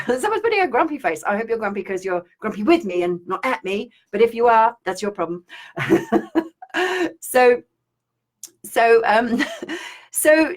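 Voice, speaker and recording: A woman spiritual teacher giving a chatty, rambling live-streamed talk and reading viewer comments aloud. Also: on the high side.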